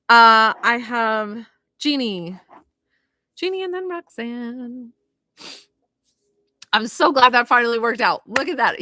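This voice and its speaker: A woman giving a live spirit reading as a medium, chatty and filled with "like" and "you know", gentle and consoling as she passes on messages. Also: on the high side, lively intonation, takes it slowly, long pauses, no room sound. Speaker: psychic medium.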